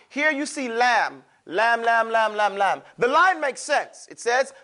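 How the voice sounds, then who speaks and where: A man's voice: extremely high pitch, very animated, a little slow, few pauses, sharp tone. A man teaching a classroom lesson, drawing out sounds for students to repeat and adding playful asides. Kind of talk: classroom lesson with call-and-response drills.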